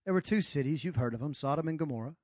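A middle-aged male pastor with a notably high voice, preaching with big dramatic swings from loud, urgent lines to hushed ones. The sound is close and dry, with no room echo. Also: animated, very fast. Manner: preaching with dramatic rises and drops, acting out God's voice. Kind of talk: sermon. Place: church.

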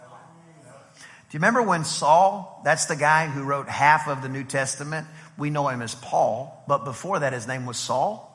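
A middle-aged man preaching a sermon as pastor, lively and conversational, acting out quotes as he goes. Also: fairly high pitch, measured pace. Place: church sanctuary. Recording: long hall reverb from a church.

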